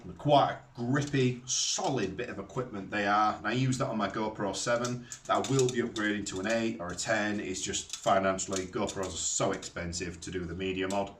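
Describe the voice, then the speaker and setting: A man's voice: on the low side, fairly bright tone, far from the mic, a little hiss or hum. A man giving a casual, chatty how-to talk to camera as a motorcycle vlogger, loose and informal in his phrasing. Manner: chatty, loose and informal, addresses viewers as guys. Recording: roomy sound from off the mic.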